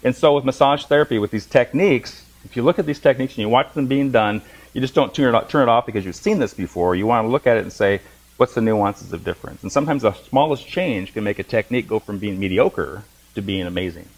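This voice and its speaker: A man's voice: medium pitch, fast, rough recording. A middle-aged man lecturing a massage class, telling funny stories and acting out the voices of the people in them. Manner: storytelling with humor, acts out voices. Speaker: massage instructor.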